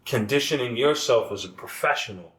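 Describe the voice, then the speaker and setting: A man's voice: mid-range voice, brisk, a bit bright. A man talking as a guest in a casual podcast conversation, earnest and circling back with many restarts. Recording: echoey room.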